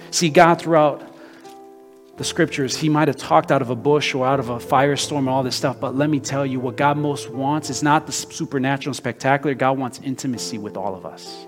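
A man in his thirties preaching a sermon, talking conversationally with frequent restarts and building to loud, emphatic passages. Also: mid-range voice, fairly quick. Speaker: pastor. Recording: long hall reverb with faint guitar.

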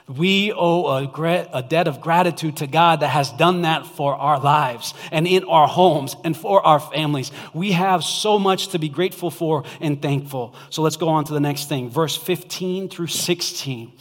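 A man preaching a sermon to his church, swinging from shouts down to whispers. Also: a little high, unhurried, hardly any pauses, in a large hall. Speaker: pastor.

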